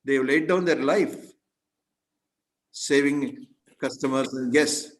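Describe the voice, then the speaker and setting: Male guest speaker, mid-pitched, earnest storyteller who keeps clearing his throat. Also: takes it slowly, poor audio. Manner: earnest, frequently clears throat, self-correcting restarts. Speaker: guest speaker at a club meeting. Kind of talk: storytelling speech.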